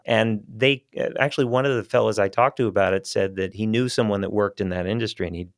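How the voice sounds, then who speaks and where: Man, low voice, relaxed and chatty, dry close studio mic. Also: quick pace, no room sound. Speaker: voice actor guest. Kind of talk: casual interview chat. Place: small studio. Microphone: studio microphone.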